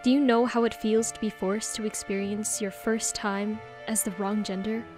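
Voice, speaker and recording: A woman's voice: medium pitch, flat delivery, normal speed, over music, lightly acted. Woman reading an anguished young trans man. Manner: emotional, pleading and tearful.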